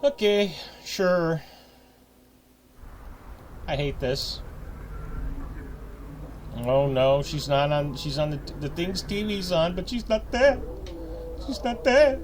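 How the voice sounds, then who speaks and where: A man's voice: fairly high pitch, animated, slow pace, long pauses, background noise. A man playing a horror game and talking through it, jittery and repeating nervous phrases while he speaks to the ghost. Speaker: horror game let's player. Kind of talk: horror game playthrough commentary. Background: loud game music.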